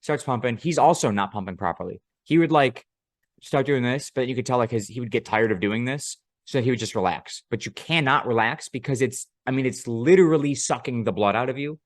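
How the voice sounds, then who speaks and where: A man's voice: mid-range voice, brisk, dry recording, studio quality. A man co-hosting a podcast, telling a long story in casual chat, profane and rambling, often laughing. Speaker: podcast co-host.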